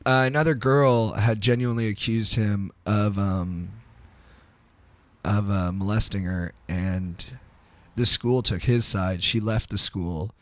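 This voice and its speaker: A man's voice: fairly low pitch, dry recording. A comedian guest on a podcast, telling stories in a loose, casual way and filling his talk with "like" and "dude". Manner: loose, slangy, heavy use of "like" and "dude". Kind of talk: casual storytelling chat.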